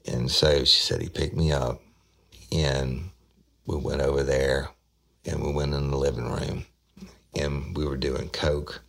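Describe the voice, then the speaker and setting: A man's voice: extremely low pitch, level tone, unhurried, gravelly, pauses often, a bit bright. A middle-aged man telling a police case in a blunt, profane, conversational way. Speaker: host, former investigator telling a case. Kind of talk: storytelling podcast monologue.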